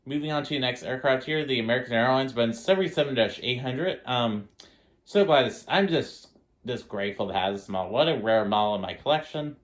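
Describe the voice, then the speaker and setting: A man's voice: medium pitch, fairly quick. A young man casually narrating his model airport, rambling with frequent ums and restarts, indoors in a dim room at home. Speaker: model airport hobbyist host. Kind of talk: casual hobby video narration.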